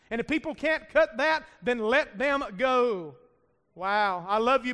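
A man's voice: very high voice, a bit bright. A middle-aged pastor preaching a fiery sermon, pressing hard and calling out for amens from his congregation. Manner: emphatic, calls for amens from the congregation. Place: church sanctuary. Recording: long hall reverb.

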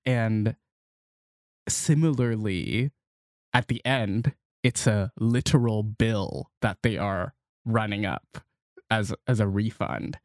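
A man's voice: lowish voice, takes it slowly, no room sound. Earnest podcast co-host man, dry sound. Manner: earnest, searching, repeats words while thinking. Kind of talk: casual film discussion.

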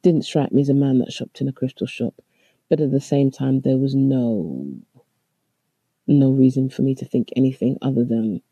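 A voice, deep in dark, mellow tones and full of gravelly fry, recounts a personal story with halting earnestness. The sound is husky and close. The room is dry and dead. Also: no echo, low-quality recording. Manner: earnest, halting, with frequent restarts and fillers. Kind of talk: first-person spoken account.

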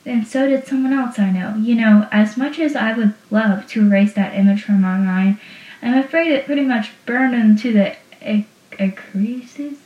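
A woman's voice: on the high side, moderate pace, darkish tone, reverberant, far from the mic, muffled recording, natural voice. A woman reading out a sarcastic teenage boy's lines while recapping a show.

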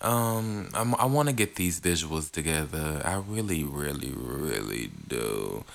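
A man's voice: extremely low pitch, expressive, gravelly. A young man hosting a casual solo podcast, rambling and playful. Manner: rambling, playful, drawn-out delivery. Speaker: podcast host.

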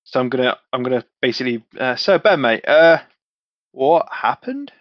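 An expressive male player speaks at normal speed and medium pitch while in character during a tabletop session. He exchanges laid-back, matey banter with swearing, and the recording is dry and slightly muffled.

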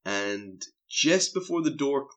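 A man's voice: medium pitch, lively intonation, unhurried, highs cut off. A man, co-hosting a casual film review chat and animatedly recapping scenes. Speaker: film podcast co-host.

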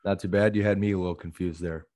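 A man's voice: deep voice, steady tone, fast, a little mellow. A man co-hosting a podcast in casual chat, rambling with many fillers and acting out the voices he quotes. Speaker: podcast co-host.

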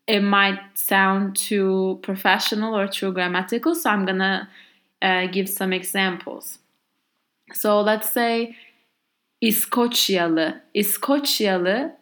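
A woman who grew up speaking Turkish gives a grammar lesson in English at an unhurried pace, her voice sitting in a middle range. She works through each example patiently and methodically. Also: medium pitch, a bit bright. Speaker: Turkish language teacher.

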